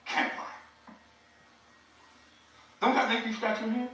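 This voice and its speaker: A preacher gives a live teaching talk in a bright, forceful voice, chatting directly with his audience. The sound is very roomy. It is picked up from a distance. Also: extremely high pitch, level tone, slow. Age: 60s. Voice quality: conversational, addresses the audience directly. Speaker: preacher and speaking coach.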